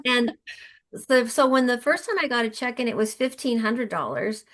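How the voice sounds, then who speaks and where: A woman's voice: fairly high pitch, animated, moderate pace, fairly bright tone. A middle-aged woman, a podcast guest, telling her story in an earnest, emotional way with frequent restarts. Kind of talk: conversational storytelling.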